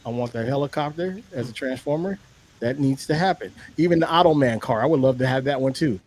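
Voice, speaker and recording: A man co-hosting a casual podcast chat, joking around and talking excitedly. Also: medium pitch, fast talker. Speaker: podcast co-host.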